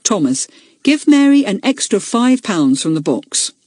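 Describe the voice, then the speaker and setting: A woman's voice: mid-range voice, sing-song, measured pace, a little mellow, slightly rough, no room sound, clean studio sound, pitched above the performer's own voice. A woman narrator voicing a stern schoolboy head boy who chairs a school meeting, in an audiobook. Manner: stern, formal. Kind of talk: audiobook character reading.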